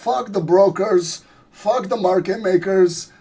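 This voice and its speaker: A man putting on a raspy swaggering gangster boss. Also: high voice, slow, mellow, voice pushed up, full character voice. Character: hot-tempered male gangster boss.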